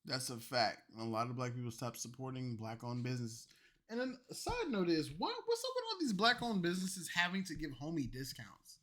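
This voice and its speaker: A man reacting to clips in a loose, profane rant, tipsy, swinging between loud outbursts and low mumbling. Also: animated, moderate pace. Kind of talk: loose ranting commentary.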